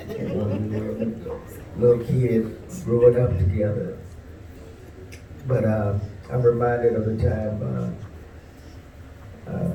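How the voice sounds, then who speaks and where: A man telling a personal story at a tribute, unhurried and folksy, with frequent pauses and fillers. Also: fairly low pitch. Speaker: speaker at a memorial tribute. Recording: roomy, distant mic, faint background noise.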